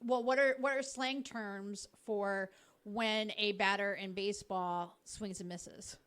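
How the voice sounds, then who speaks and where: A woman's voice: medium pitch, fairly even intonation, takes it slowly, a bit bright, clear, resonant tone. A woman co-hosting a casual sports podcast, patiently explaining cricket slang through baseball comparisons. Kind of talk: casual chat. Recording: podcast recording.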